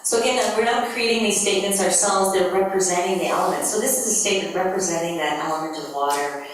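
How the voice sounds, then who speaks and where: A woman's voice: medium pitch, fast talker, slight background noise. A woman leading a group energy workshop, explaining things to a large audience in an upbeat, conversational way. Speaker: workshop facilitator. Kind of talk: live workshop presentation. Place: large conference hall. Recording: echoey hall from far off.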